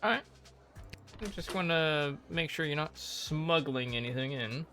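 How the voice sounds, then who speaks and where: A man's voice: a little high, animated, measured pace. A man streaming a video game, making dry, joking asides. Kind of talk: casual live-stream game commentary. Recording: stream with game music behind.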